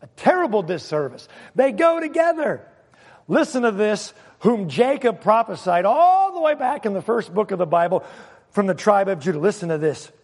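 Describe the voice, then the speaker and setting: Casting: male pastor, scratchy throat, high voice, emphatic sermon delivery, long church-hall reverb. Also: moderate pace. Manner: animated, emphatic preaching with sudden loud exclamations.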